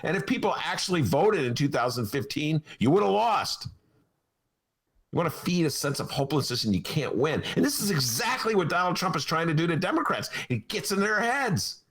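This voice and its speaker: A man hosting a political podcast, talking in a mocking, animated way and laughing often. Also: fairly high pitch, a little fast. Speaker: podcast host. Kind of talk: political talk show chat.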